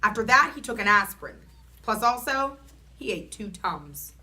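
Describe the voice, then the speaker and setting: A woman reading a children's chapter book aloud in an expressive, animated storytelling manner. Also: mid-range voice, moderate pace.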